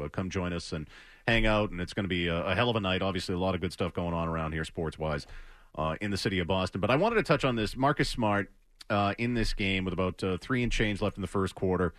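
Man, sports radio host, very low voice, earnest, rambling, dry studio sound. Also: brisk, fairly bright tone, no room sound. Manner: earnest, rambling, many hesitations.

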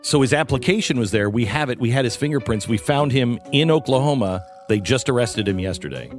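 A man's voice: mid-range voice, expressive, brisk, faint music behind. A man hosting a talk radio show, trading sarcastic quips with co-hosts and reading ads live. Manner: sarcastic, playful, jumps in with overlapping quips.

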